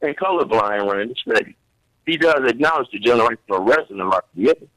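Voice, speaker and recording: A man's voice: medium pitch, expressive, fast talker, a bit bright, no room sound, rough recording. A man speaks as a talk show guest in a mid-range voice that rises and falls a lot. He argues earnestly and emphatically in casual speech. The recording is close and dry. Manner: earnest, emphatic, informal grammar. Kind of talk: political talk show discussion.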